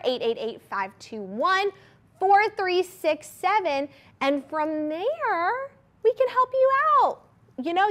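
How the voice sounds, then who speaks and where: A woman hosting a live shopping channel, pitching products to viewers in an upbeat, chatty way. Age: adult mother of a young child. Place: TV studio.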